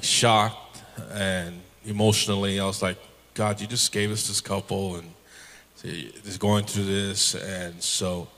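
Low-voiced man in an echoing hall. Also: fairly bright tone. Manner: halting, uses many fillers, earnest. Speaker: congregation member sharing a testimony. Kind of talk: testimony in a Bible study. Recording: church hall reverb.

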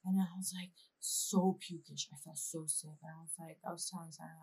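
A woman's voice: lowish voice, flat delivery, brisk, hardly any pauses, darkish tone, breathy edge. A young woman co-hosting a podcast, chatting casually and telling stories with lots of "like" and restarts. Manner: chatty, storytelling with frequent "like" and restarts. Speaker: podcast co-host. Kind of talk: casual chat.

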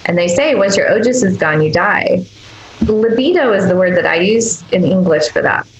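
Earnest woman with a gravelly voice. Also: fairly low pitch, animated, moderate pace, reverberant, low-quality recording. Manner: earnest, emphatic, acts out tender quoted asides. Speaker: guest doctor. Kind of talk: podcast interview conversation.

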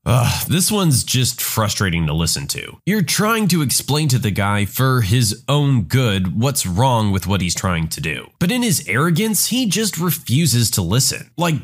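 A male host reads stories aloud and adds his own remarks. His voice is mid-pitched and swings widely in expression. The delivery is lively and animated. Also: unhurried, few pauses, slightly rough. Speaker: story narrator and channel host. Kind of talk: reading stories aloud with commentary.

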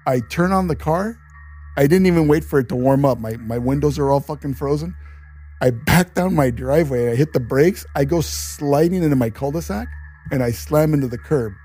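A man swaps scary stories on a casual podcast, cursing freely as he builds the tension. His voice is mellow and darker in tone, and a faint music bed runs beneath him. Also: a little high, moderate pace, slightly rough. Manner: swears a lot, animated storyteller. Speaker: podcast co-host. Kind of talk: casual storytelling chat.

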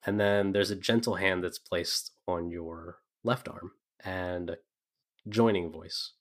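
Low-voiced male game master narrating. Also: normal speed. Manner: descriptive, with frequent fillers.

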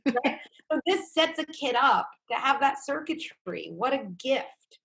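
A woman psychologist speaking as a guest in a conversational podcast interview, animated and often acting out quoted thoughts. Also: sits high, measured pace, creaky. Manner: animated, acts out quoted thoughts in little voices.

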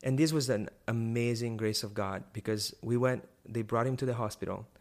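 Animated young man telling a story. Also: medium pitch, normal speed. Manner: animated, many restarts and rising emphasis. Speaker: guest sharing a testimony. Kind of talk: personal storytelling.

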